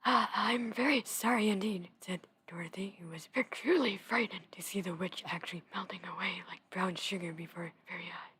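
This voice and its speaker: A young woman reading a storybook in a soft whisper into a close mic, with casual chatty asides. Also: on the low side, fairly even intonation, a little fast, few pauses, slightly rough. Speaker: gaming video host reading aloud.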